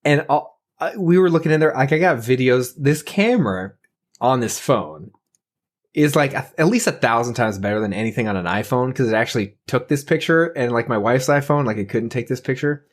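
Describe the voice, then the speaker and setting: A man's voice: medium pitch, a little fast. Podcast host guy, rambly, lots of "like", laughs a lot, swears, regular mid voice. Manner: rambling, heavy use of "like", laughs often; profane, animated storytelling. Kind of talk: casual podcast chat.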